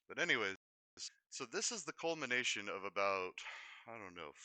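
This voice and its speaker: A man's voice: low-pitched, pushed and bright, no echo. A man hosting a livestream in a casual monologue, rambling and often restarting and correcting himself mid-sentence. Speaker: livestream host.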